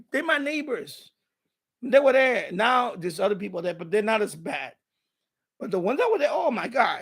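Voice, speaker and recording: A man hosting a casual live stream, telling a story in an animated, ranting way and chatting with viewers. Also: high voice, creaky.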